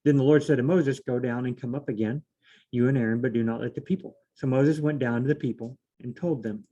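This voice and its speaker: Mellow-voiced man musing over scripture. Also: mid-range voice, fairly quick, muffled recording. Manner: fumbling, self-correcting, reads verses aloud then paraphrases loosely. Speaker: solo Bible study host. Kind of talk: casual thinking-aloud scripture study.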